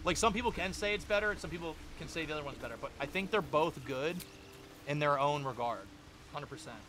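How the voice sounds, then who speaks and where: A man's voice: on the high side, expressive, quick pace, pushed and bright, a little hiss or hum. A young man streaming a game, giving casual, chatty and joking commentary.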